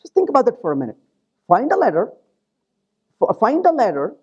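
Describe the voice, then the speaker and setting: A male conference presenter with a fairly high, mellow voice that swings up and down a lot. He jokes and keeps checking in with the audience. The recording is dull and lo-fi. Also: fairly quick, husky. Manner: animated, joking, keeps asking the audience "right?". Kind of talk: live technical conference talk.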